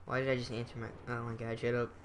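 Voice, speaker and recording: A young gaming channel host with a mid-range voice talks fast and flat, giving goofy, casual commentary over his own gameplay. He mutters to himself and hums sound effects while noisy gunfire and explosions from the game play behind him.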